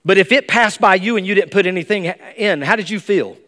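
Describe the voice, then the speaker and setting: A man preaching a sermon as pastor, emphatic and rising into high, excited bursts. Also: fairly quick. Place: church sanctuary. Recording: long reverb of a church hall.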